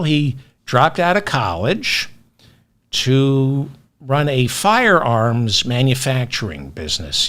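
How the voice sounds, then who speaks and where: Male commentary host, sardonic and indignant, slow measured pace with an expressive, wide-ranging pitch. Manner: sardonic, indignant, with long pauses. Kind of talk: solo news commentary.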